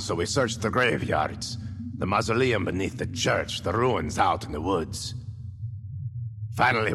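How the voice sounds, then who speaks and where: A man's voice: on the low side, creaky, breathy edge, big-room sound, pitched below the performer's own voice, full character voice. A man voicing a brooding old village blacksmith who tells a grim tale with emphatic bursts. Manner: grim, emphatic storytelling with sudden shouts.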